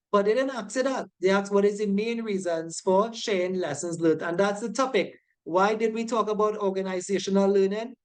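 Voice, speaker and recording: A safety course instructor reviews quiz answers in an online lecture, her medium-pitched voice slightly mellow. She stays emphatic throughout, repeatedly checking understanding with "right?"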